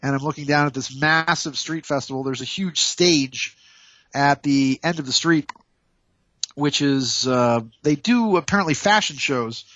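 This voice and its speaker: A man's voice: fairly high pitch, measured pace, fairly bright tone, no room sound, muffled recording. Jokey male radio host on a call. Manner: playful, jokey, rambling with restarts. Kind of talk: casual radio talk. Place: hotel room. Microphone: Skype call.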